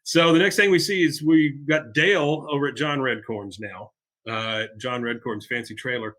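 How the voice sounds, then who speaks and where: A man's voice: mid-range voice, moderate pace, fairly bright tone. A man hosting a podcast, chattily recapping a cartoon episode and laughing as he retells scenes. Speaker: podcast host.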